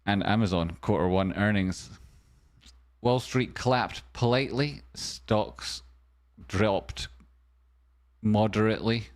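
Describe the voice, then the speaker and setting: A man's voice: on the low side, takes it slowly, long pauses. A man hosting a stock stream, giving a comedic market news rundown with wry, jokey asides. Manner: wry, jokey asides, sudden softer murmurs.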